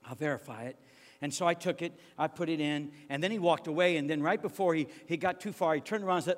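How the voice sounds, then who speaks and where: A male preacher telling a story in his sermon, very animated, swinging from hushed tones to shouting and stammering for comic effect. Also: fairly high pitch, fast talker, long reverb tail.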